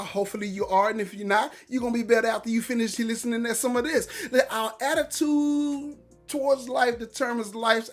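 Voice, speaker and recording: Man hosting a casual morning livestream, hyped and encouraging, reading viewer comments aloud. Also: extremely high pitch. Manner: hyped, upbeat encouraging talk; loose and repetitive, with restarts and catchphrases. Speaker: livestream host.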